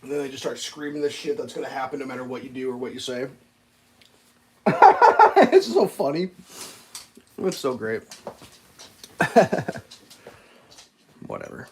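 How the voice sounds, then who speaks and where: A man talks in a loose, rambling way, swearing freely and trailing into fillers. His pitch sits at an ordinary middle height. Faint noise runs underneath him, with cutlery and dishes clinking now and then. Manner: rambling and profane, with frequent fillers and laughs. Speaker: live streamer. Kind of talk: casual rambling chat.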